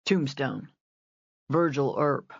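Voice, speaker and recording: A woman reading a quiet, laconic man who drawls and mimics gravelly movie voices. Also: animated, slow, no room sound, lo-fi sound, heavily acted. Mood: drawling. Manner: terse, drawling, low.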